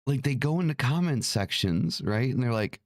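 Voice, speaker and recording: A man's voice: medium pitch, animated, moderate pace, no echo, clean studio sound. A man hosting an occult livestream, ranting in a casual, profane, irritated way, with many restarts.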